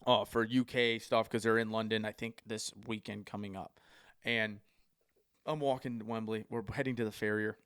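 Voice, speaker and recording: A man's voice: on the low side, steady tone, moderate pace, a bit bright, clear, resonant tone, no echo, studio quality. An American man hosting a podcast, telling a long travel story in casual chat, swearing often and rambling. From United States. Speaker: podcast host.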